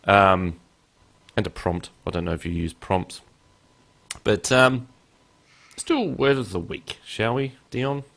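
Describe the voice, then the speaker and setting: A man's voice: fairly low pitch, a little slow, pauses often, a bit bright. A male podcast host chatting casually, joking about himself and laughing often.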